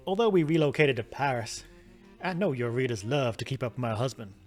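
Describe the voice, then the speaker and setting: A man's voice: medium pitch, a little mellow, natural voice. A man reading as a 1950s woman star. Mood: chatty. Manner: reading aloud in a put-on accent. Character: glamorous 1950s woman star giving a magazine interview.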